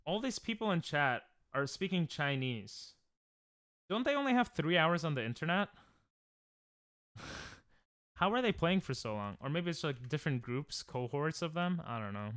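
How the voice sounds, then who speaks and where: A man's voice: a little high, sing-song, normal speed, long pauses, fairly bright tone, smooth, no echo. A young man chatting casually on a live stream while gaming, joking, laughing often and reading chat aloud from a close desk mic at home.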